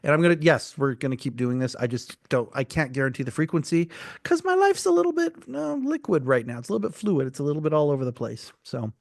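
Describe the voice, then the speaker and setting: A man's voice: a little high, huge pitch swings, fast talker, creaky, no room sound, clean studio sound. A middle-aged man, hosting a podcast in casual chat, joking and candid, laughing often. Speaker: podcast host.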